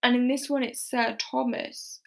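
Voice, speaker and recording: A woman's voice: fairly high pitch, flat delivery, gravelly. A woman co-hosting a casual chat show, talking easily and laughing often. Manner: chatty, laughs easily, acts out lines in quick asides. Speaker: podcast co-host.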